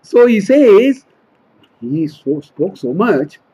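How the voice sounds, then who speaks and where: A man's voice: high voice, big pitch swings, slow pace, mellow, slightly rough, lo-fi sound. A man teaching a scripture study class, explaining verses line by line and often repeating and correcting himself. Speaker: Vedanta teacher.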